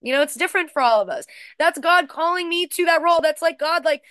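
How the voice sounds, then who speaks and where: A woman's voice: very high voice, fast talker, fairly bright tone, no room sound, studio quality. A woman sharing her recovery story, searching and repetitive, with many restarts and rising emotion. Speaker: recovery speaker. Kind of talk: personal share talk.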